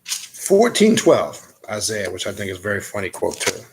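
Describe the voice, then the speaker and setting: A man's voice: lowish voice, huge pitch swings, normal speed, a little hiss or hum. A man giving casual, profane commentary as an occult teacher, reading scripture aloud and mocking it. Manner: profane, mocking, reads aloud then rants.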